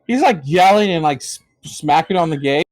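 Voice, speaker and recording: A man's voice: a little high, animated, normal speed, a little mellow, no room sound. A man narrating as game master for a tabletop game, in a hesitant way full of fillers.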